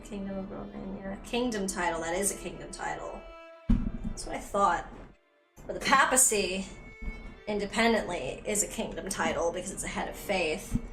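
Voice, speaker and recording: A woman's voice: medium pitch, fairly bright tone. A woman casually commenting on a strategy game and reading its story text aloud, getting emotional. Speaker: streamer. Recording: roomy echo from a distant mic with faint music.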